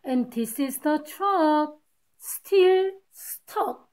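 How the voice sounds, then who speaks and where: A woman's voice: high voice, animated, very slow, darkish tone. A woman teacher reading a picture book aloud to children, patiently stopping to point out the rhyming words. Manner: patient, explains each rhyme to kids.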